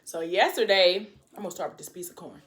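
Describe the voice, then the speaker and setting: A woman vlogger telling a casual, rambling story while eating on camera, with quick apologetic asides to her viewers. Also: on the low side, fairly bright tone, slight background noise.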